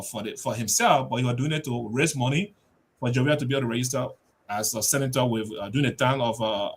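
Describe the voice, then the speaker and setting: Animated man telling a story. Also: on the high side. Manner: animated, repeats words, laughs often. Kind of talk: casual storytelling on a talk show.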